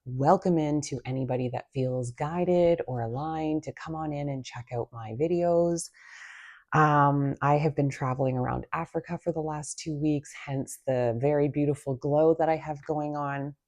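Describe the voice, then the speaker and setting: Soft-spoken woman in hushed tones. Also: deep voice, normal speed. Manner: hushed, half-whispered talk; rambling with many fillers. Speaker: tarot reader and channel host. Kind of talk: casual spoken monologue to viewers. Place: at a table in her home.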